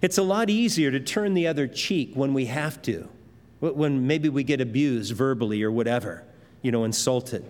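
A man's voice: mid-range voice, normal speed, a little mellow. A pastor preaching a conversational, emphatic sermon and acting out the voices he quotes. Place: church. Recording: long hall reverb.

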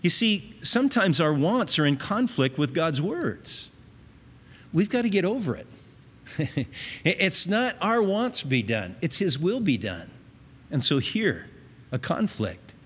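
A man's voice: fairly high pitch, sing-song, takes it slowly, a bit bright, breathy edge, in a large hall. A man preaching a sermon, teaching in an earnest, conversational way with emphatic rises.

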